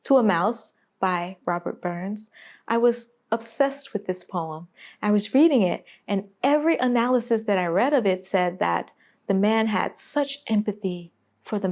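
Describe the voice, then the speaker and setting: A woman's voice: mid-range voice, a little mellow. A woman delivering a video essay in an emphatic, sarcastic way, full of rhetorical questions. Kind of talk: animated video essay commentary.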